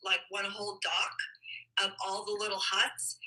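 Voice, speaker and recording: Very bright, excitable woman co-host. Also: mid-range voice, measured pace, rough recording. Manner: excitable, laughs often. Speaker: livestream co-host. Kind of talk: casual livestream chat.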